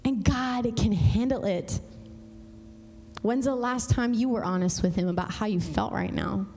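A woman pastor preaching a sermon, conversational and emphatic, speeding up and slowing down. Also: mid-range voice, a little mellow. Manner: conversational, emphatic, swings between fast and slow. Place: church sanctuary. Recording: long church hall reverb.

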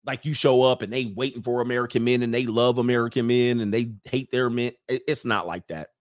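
A man hosting a live stream in casual, slangy commentary, animated, laughing often and mocking people in put-on voices. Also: medium pitch, brisk, no echo, clean studio sound. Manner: laughs often mid-sentence.

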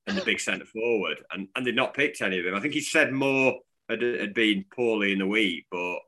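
A man's voice: fairly low pitch, fairly quick, sharp tone. A man from England co-hosting a casual football podcast, rambling and restarting his sentences. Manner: rambling, restarts often, chuckling. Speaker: podcast co-host.

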